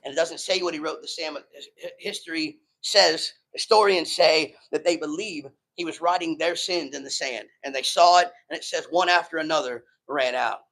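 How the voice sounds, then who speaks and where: A man's voice: on the high side, moderate pace, few pauses, bright, forceful tone, poor audio. A man preaching a sermon in a loose, slangy way, retelling stories with quoted voices. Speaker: pastor.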